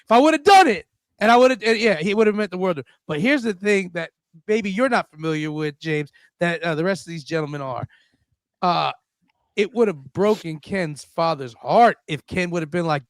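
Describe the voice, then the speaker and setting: A man co-hosting a comedy radio show, energetic and quick to jump into impressions. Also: high-pitched, no echo, studio quality. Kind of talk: casual comedy radio banter. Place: radio studio.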